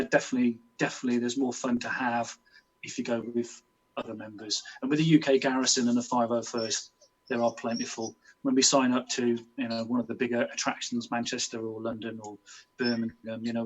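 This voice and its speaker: A man's voice: mid-range voice, muffled recording. A man in his late fifties, a guest chatting casually over a video call from his home office, easygoing and rambling. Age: 50s. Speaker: guest cosplayer. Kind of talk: casual livestream chat.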